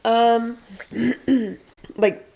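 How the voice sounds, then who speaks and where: A woman counsellor hosting a podcast, explaining calmly and acting out what parents say. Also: on the high side, very slow. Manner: explains patiently, acts out parents' lines. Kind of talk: casual advice chat.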